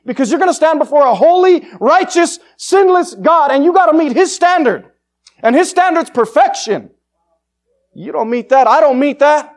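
Fiery high-voiced male preacher. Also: animated, moderate pace. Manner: fiery, confrontational, swings from loud to hushed. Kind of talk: evangelistic sermon.

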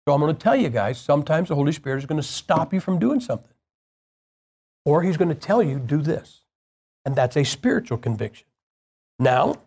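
A man's voice: a little high, a little mellow. A man preaching a sermon, telling a personal story in a plain-spoken, conversational way and firing rhetorical questions at the congregation.

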